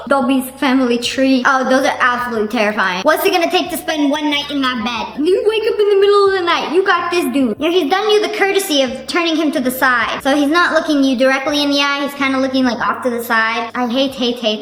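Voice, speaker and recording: A woman's voice: high voice, brisk, few pauses. Sarcastic woman reacting to clips, echoey room, some music faint underneath. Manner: animated, sarcastic and joking. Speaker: reaction video host. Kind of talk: casual reaction commentary. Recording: roomy echo with faint music.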